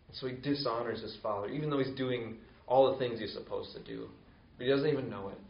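A man preaching a conversational sermon who acts out quoted voices with rising pitch. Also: a little hiss or hum. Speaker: pastor. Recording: roomy, distant, dull lo-fi sound.

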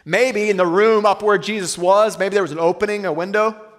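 A man preaching a sermon as pastor, earnest, slowing and softening on weighty lines. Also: high voice, fairly even intonation, big-room sound.

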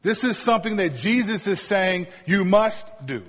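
A male pastor delivers a sermon in a somewhat husky voice that sits a little high. He mixes storytelling with light humor for the congregation. A long reverb trails his words through the hall. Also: a little slow, few pauses, fairly bright tone.

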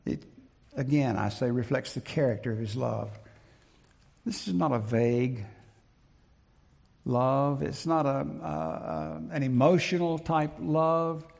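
A man preaching a sermon in an emphatic, deliberate way, repeating his key phrases, with a gravelly, husky voice. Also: mid-range voice, darkish tone. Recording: long reverb of a large hall.

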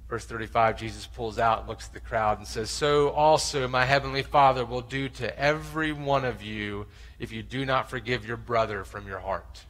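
A man preaches a sermon with real conviction, reading scripture aloud and throwing himself into its voices. His tone is bright and forceful, and his pitch sits in a middle range. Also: fairly even intonation, normal speed, low-quality recording. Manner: impassioned, acts out voices in scripture. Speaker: pastor.

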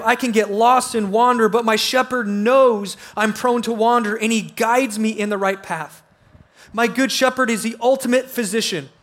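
A man with a high voice delivers a heartfelt sermon. He speaks earnestly and reflectively, lingering slowly over verses of scripture. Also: a bit bright. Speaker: pastor.

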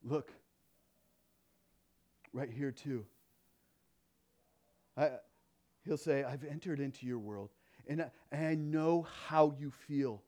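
A man preaching a sermon, quoting scripture and moving between loud, emphatic lines and quiet, hushed ones. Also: on the high side, unhurried. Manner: stumbles and restarts between quoted verses. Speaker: pastor.

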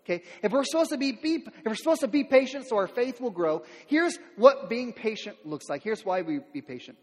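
A middle-aged male pastor preaching in a church, his voice high for a man. He talks in a loose, conversational way, restarting and repeating words, then rises to loud, emphatic peaks. The sound carries a long reverb from the large room. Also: animated, a little fast. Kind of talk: sermon. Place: church sanctuary.

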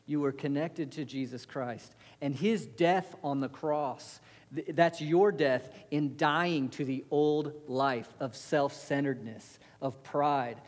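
A man preaching a sermon, animated, asking the congregation rhetorical questions and answering them. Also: on the high side, in a large hall.

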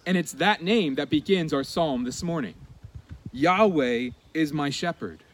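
A man delivers a sermon with earnest emphasis, leaning on single words and pausing between phrases. His voice sits a little high for a man. A faint background hum runs under his speech. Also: expressive. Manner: earnest, emphatic preaching with deliberate pauses. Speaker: pastor.

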